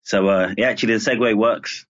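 A journalist from Birmingham, England, with a Birmingham accent, talking as a guest in a relaxed, measured way. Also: male voice, on the low side. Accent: Birmingham English. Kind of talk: casual interview. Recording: lo-fi muffled audio.

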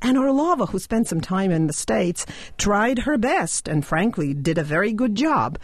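A woman co-hosting a radio talk show, telling stories in a lively, animated way. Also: medium pitch, moderate pace, no room sound, studio quality. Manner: lively, laughs often, animated storytelling. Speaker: radio co-host. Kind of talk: casual radio chat. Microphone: studio microphone.

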